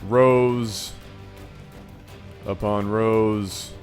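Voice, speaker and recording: Animated man telling a story. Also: on the low side, drawn-out words, faint music behind. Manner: animated, playful, lots of self-corrections. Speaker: channel host. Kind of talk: storytelling vlog.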